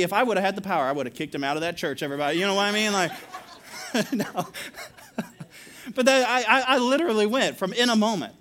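A man's voice: sits high, a little fast, fairly bright tone. A male pastor preaching a sermon, telling stories with laughs and asides to the congregation.

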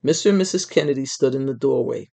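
A storyteller reading a children's book aloud in an expressive, measured way. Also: medium pitch, vocal fry.

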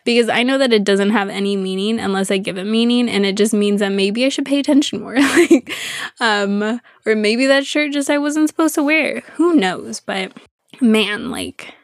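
A woman's voice: medium pitch, lively intonation, normal speed, dry recording. Young woman, podcast host, earnest, emotional, repeats words for emphasis, dry close mic. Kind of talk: reflective solo podcast monologue.

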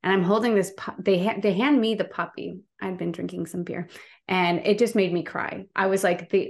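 Woman, interview guest, gravelly, passionate storyteller, restarts often. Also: lowish voice, fairly even intonation, normal speed. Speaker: guest, vegan activist. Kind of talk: casual interview chat.

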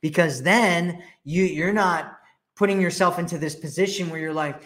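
A man's voice: on the high side, normal speed, fairly bright tone. A man hosting a dating advice podcast, talking casually with many fillers and restarts. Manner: chatty, lots of fillers and restarts.

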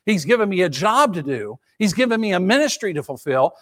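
A man's voice: high voice, big pitch swings, fairly quick, hardly any pauses. A male pastor preaching a sermon, emphatic and repetitive, asking the congregation rhetorical questions.

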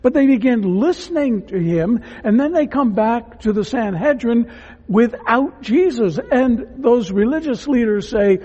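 A man preaching a sermon as a pastor, earnest and emphatic, at times dropping to a hush. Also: very high-pitched, animated, measured pace, husky, big-room sound, muffled recording. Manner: earnest, emphatic preaching that drops to hushed tones.

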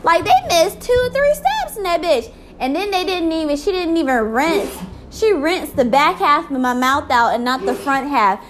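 A woman's voice: extremely high pitch, expressive, moderate pace, a bit bright, a little hiss or hum. A woman ranting in a casual vlog, exasperated and full of swearing.

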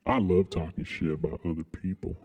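A podcast co-host from Southern Indiana, a man doing a put-on accent, teasing and bantering crudely and shouting across the room now and then. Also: low-pitched, steady tone, fairly quick, creaky. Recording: dull lo-fi sound with long reverb.

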